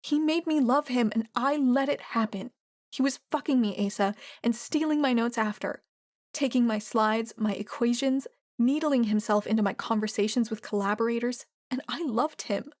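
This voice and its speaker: A woman's voice: mid-range voice, fairly even intonation, normal speed, a little mellow, no echo, clean studio sound, close to an everyday voice. A woman voicing a hurt, wary young woman scientist in an audiobook, speaking in an emotional, pleading way. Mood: anguished.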